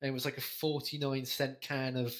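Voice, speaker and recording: Co-hosting a podcast, a young man speaks a little fast at medium pitch with a flat delivery. His casual chat wanders through stories, full of heavy swearing and frequent laughter.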